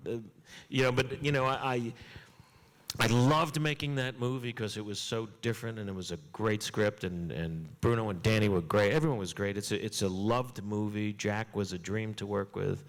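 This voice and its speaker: An older man tells stories as an interview guest. He acts out the other people's lines in a comic, animated way and often trips over his own restarts. His voice carries a long reverb, as if it were recorded in a large hall. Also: lowish voice, normal speed. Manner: lively comic storyteller who acts out dialogue, with stammering restarts. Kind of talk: animated anecdote telling.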